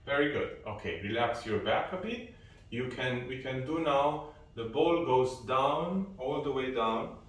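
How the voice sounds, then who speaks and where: A man leading an online qi exercise class from a room at home, calmly cueing each breath and movement as he demonstrates. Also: medium pitch, measured pace. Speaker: qi exercise instructor. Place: room at home with a balcony door. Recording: very echoey room, voice from far off.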